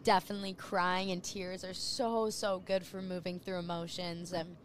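A woman's voice: fairly low pitch, little pitch movement, normal speed, a loud crowd. A young woman talking earnestly and reflectively in a casual podcast chat, sharing advice.

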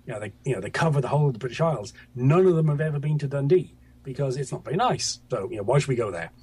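Husky-voiced man on a video call. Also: mid-range voice, animated, very fast, mellow. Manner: hesitant, many fillers and restarts. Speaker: guest author. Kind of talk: interview over a video call.

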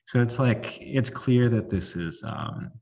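A man hosting a podcast, chatting casually with a lot of filler "like" and lively opinions. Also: medium pitch, slow pace, creaky, distant mic. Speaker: podcast host. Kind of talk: casual conversational chat.

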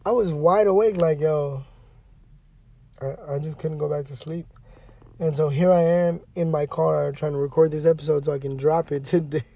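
A young man chats alone into a mic in his parked car, worn out and easygoing. His talk is loose and full of slang and "um"s, with a slightly high voice. The sound is dry and close, with no room echo. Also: dark tone. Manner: laid-back, slangy, rambling with fillers. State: tired and sleepy. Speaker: podcast host. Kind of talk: casual solo podcast chat.

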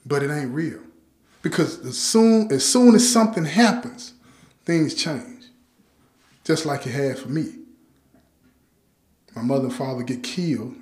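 A man's voice: a little high, darkish tone, roomy sound. A man from Chicago recounting his life story to listeners in street slang, often turning to address them directly. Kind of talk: personal life story told to an audience.

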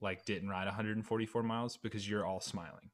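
A man hosting a casual podcast interview, relaxed with fillers and frequent laughter. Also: on the low side, quick pace. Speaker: podcast host.

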